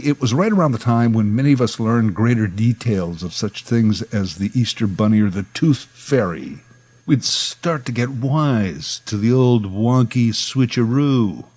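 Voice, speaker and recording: A man's voice: medium pitch, a little mellow, poor audio. A man telling a nostalgic childhood story in a wry, conversational way, full of asides. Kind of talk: storytelling monologue.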